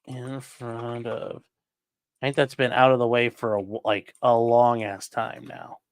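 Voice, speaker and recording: A man hosting a livestream, reading out viewer questions and answering them in a rambling, offhand way that often trails off quietly. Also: medium pitch, level tone, measured pace, clear, resonant tone, dry recording, clean studio sound. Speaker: livestream host reading chat. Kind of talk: casual live chat.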